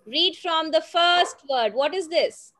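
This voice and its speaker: A woman teaching little children to read, with a high, light voice. She takes her time, drawing out each sound and gently prompting the kids to answer. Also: lively intonation, noisy background. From India. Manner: patient, coaxing, sounds words out slowly. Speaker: phonics teacher. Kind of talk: teaching young children with a story.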